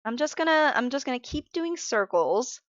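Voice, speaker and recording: Tired woman streamer, casual and self-interrupting, a little higher voice, dry lo-fi mic sound. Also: sing-song, normal speed, dry recording. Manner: rambling, self-interrupting, frank about being emotional. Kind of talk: casual live-stream chat while drawing.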